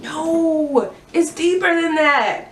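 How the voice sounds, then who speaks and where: A young woman telling her own story in a halting, earnest way, restarting her sentences often. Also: sits high, slight background noise. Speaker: vlogger sharing a personal story. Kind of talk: candid personal testimony. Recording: echoey room, mic at a distance.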